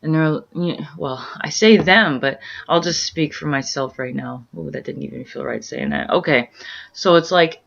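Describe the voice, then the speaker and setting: A woman's voice: low voice, moderate pace, gravelly, fairly bright tone. A woman at home talking casually in a meandering, earnest way, full of fillers and restarts as she searches for words. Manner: earnest, introspective musing. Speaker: vlogger sharing spiritual experiences. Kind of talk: casual rambling monologue. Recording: muffled lo-fi audio.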